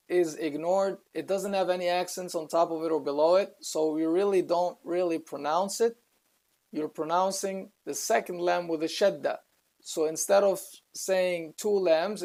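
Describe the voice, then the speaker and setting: Gravelly-voiced man teaching Quran reading. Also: a little high, darkish tone. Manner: patient, explains slowly, recites Arabic words between explanations. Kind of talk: step-by-step recitation lesson.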